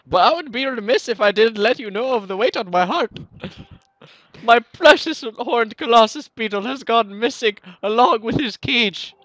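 A man's voice: extremely high pitch, expressive, moderate pace, a bit bright, dry recording, dull audio, full character voice. A man putting on a fussy old-fashioned shopkeeper voice. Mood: mournful. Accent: put-on Indian. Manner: stiff, old-fashioned phrasing, giggling through it.

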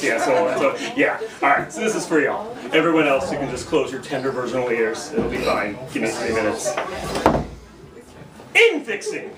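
A man's voice: fairly high pitch, sing-song, moderate pace, echoey room, distant mic, a loud crowd. A man with an American accent performing slam poetry on a bar lounge stage, rhythmic, emphatic and profane. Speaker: performance poet.

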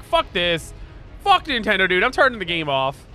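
A young man commenting on a video game as he plays, excitable and prone to loud, swearing outbursts. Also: high voice, a little fast. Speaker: gaming streamer. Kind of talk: let's play commentary. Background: game music.

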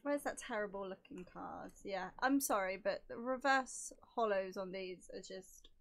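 A woman whose voice is going hoarse, chatting casually and giggling as she opens trading cards. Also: mid-range voice, a little slow, fairly bright tone. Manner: giggly, self-mocking, gushing over cute cards. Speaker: card-opening vlogger. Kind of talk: casual unboxing chat.

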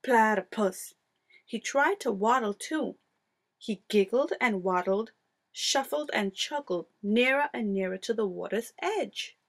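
Expressive woman reading a storybook. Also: a little high, a little slow. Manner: expressive, playful read-aloud delivery. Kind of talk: storybook read-aloud.

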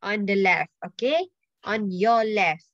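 A woman's voice: mid-range voice, unhurried, no echo. Malaysian lady teaching a class, asks lots of questions, throws in "lah", dry close sound, kinda muffled. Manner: mixes in Malay words and "lah", quizzes students. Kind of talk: online language lesson. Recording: dull lo-fi dry voice.

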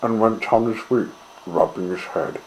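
A man reading a children's story aloud in a gentle, measured way. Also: fairly low pitch, slight background noise, low-quality recording.

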